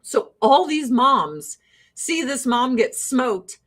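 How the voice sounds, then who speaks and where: A woman's voice: high-pitched, animated, slow, a bit bright. A woman in her forties ranting on a casual livestream, profane, heated and sarcastic.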